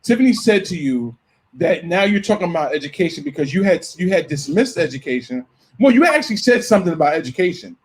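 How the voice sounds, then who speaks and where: High-voiced man debating hard. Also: big pitch swings, fast talker, slight background noise. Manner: argumentative, presses with pointed questions. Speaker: radio show host. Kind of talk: heated casual debate.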